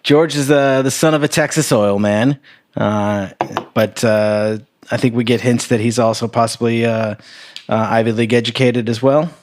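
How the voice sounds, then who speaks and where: Mid-pitched dude on a movie podcast, blunt, swears a lot, laid back chat. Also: male voice, fairly even intonation, moderate pace. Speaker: podcast co-host.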